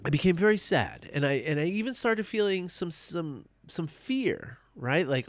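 A man in his thirties speaking to camera in a personal vlog, earnest and halting, full of fillers and restarts, tearful and emotional as he reflects. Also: a little high, very animated.

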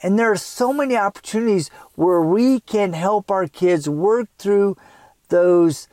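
Earnest high-voiced man telling a story. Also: unhurried, no room sound. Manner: earnest, animated when retelling, acts out his child self. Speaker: parenting speaker. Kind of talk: personal storytelling.

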